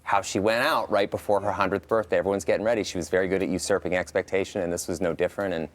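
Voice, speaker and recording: A man talking as a guest in a TV studio interview, reflective and halting with frequent restarts. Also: sits low, steady tone.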